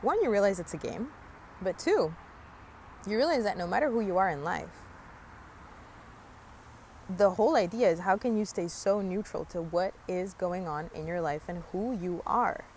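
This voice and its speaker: Young woman thinking out loud in a park, lowish voice, faint outdoor sounds behind. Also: expressive, normal speed, long pauses, a little hiss or hum. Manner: musing, earnest, lots of "like" fillers. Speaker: spiritual vlogger. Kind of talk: casual reflective monologue.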